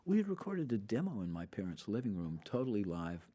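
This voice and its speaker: A middle-aged Southern US musician, appearing as a guest, tells stories conversationally in a voice on the low side, fairly quick. He's animated, acting out the quoted lines.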